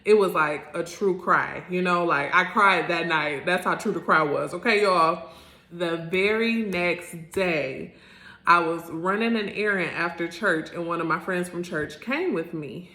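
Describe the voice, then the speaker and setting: Brief: woman in her 30s, vlogger, low voice, earnest and animated storytelling in a roomy, echoey space. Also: measured pace. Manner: earnest and animated, with lots of "like" fillers. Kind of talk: candid personal storytelling. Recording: roomy echo.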